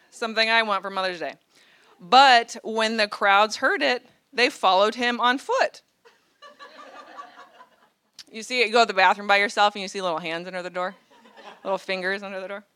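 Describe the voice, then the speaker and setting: A woman's voice: medium pitch, bright, forceful tone, no room sound. A mother giving an earnest, conversational sermon with dry humor. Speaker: guest speaker.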